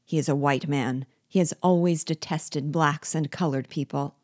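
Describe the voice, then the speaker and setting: A woman's voice: sits low, steady tone, normal speed. A woman reading aloud and voicing a furious crowd of rebel soldiers calling for a prisoner's death. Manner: loud, shouting, furious.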